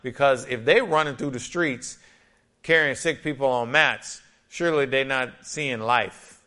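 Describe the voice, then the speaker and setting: A male pastor preaching a lively, conversational sermon, often acting out little scenes and quotes. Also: mid-range voice, unhurried.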